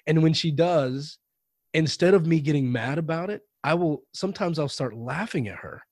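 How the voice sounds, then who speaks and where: Husky-voiced man telling family stories. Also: on the high side, normal speed, no echo. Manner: anecdotal, animated when quoting others. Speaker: podcast guest. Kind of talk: conversational storytelling.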